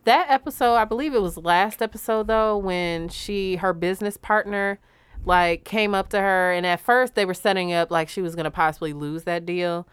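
Woman podcast co-host, smooth clear voice, dry close mic, candid and profane. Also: fairly low pitch, normal speed, dry recording. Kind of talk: casual chat.

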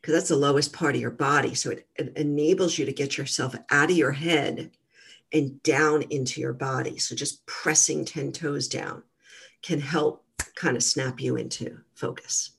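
A middle-aged woman, a guest trainer, talking casually in a gentle coaching manner with lots of fillers. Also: deep voice, steady tone, normal speed, vocal fry, breathy edge. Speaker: guest, mental fitness trainer. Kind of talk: casual interview talk.

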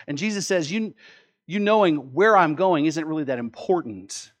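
A man with a fairly high voice preaching a sermon. He is emphatic, repeats key words and asks rhetorical questions. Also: animated, moderate pace. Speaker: pastor.

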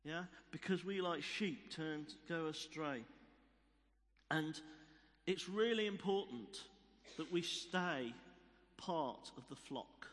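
A man's voice: fairly high pitch, takes it slowly, pauses often, a bit bright. A man preaching a sermon, telling stories and repeating key phrases for emphasis. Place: church hall. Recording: long reverb of a church hall.

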